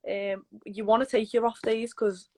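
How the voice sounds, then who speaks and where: A woman's voice: fairly high pitch, steady tone, normal speed, mellow, slight background noise, rough recording. A young woman from Liverpool, chatting casually as a guest and laughing often. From Liverpool, England. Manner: laid-back, laughs often, many fillers. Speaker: guest footballer. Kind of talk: casual chat.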